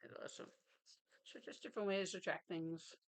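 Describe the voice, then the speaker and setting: A woman's voice: lowish voice, steady tone, a little fast, a little hiss or hum. Chatty woman at her craft desk. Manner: chatty, rambling, laughs often. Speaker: vlogger. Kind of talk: casual chat.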